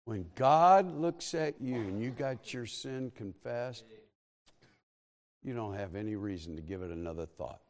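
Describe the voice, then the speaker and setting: A man's voice: medium pitch, lively intonation, unhurried, darkish tone. Man preaching in a reverberant church. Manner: storytelling, rising to fervent preaching. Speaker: pastor. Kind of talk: sermon. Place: church sanctuary.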